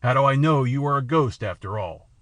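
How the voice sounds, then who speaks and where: A man's voice: medium pitch, animated, brisk, a bit bright, dry recording, natural voice. A man voicing a haughty, superstitious alien king with a scornful, menacing manner in an audiobook reading. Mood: wary. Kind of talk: audiobook character voice.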